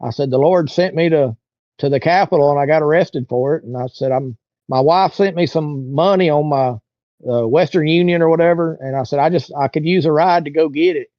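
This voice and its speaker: Male interview guest, casual rambling storyteller, slightly high voice, dry muffled sound. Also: a little fast, dry recording. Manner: rambling, colloquial, acts out others' lines.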